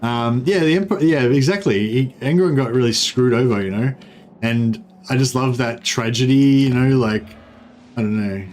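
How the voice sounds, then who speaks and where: A man's voice: mid-range voice, normal speed, a little mellow, slight background noise. A young Australian man giving rambling, laid-back commentary while streaming a strategy game, full of fillers. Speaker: gaming streamer. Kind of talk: casual livestream commentary.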